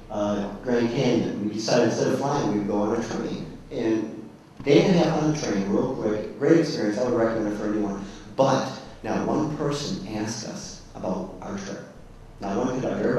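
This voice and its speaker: A man's voice: mid-range voice, mellow, slight background noise. A man giving a keynote speech, telling stories in a folksy, casual way. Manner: folksy storytelling. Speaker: keynote speaker. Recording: echoey hall, distant mic.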